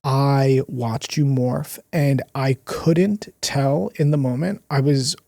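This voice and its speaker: A man co-hosting a podcast, telling a personal story in an earnest, emotional way with drawn-out pauses. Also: mid-range voice, creaky, a little mellow, no room sound, clean studio sound. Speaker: podcast co-host. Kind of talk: casual conversational storytelling.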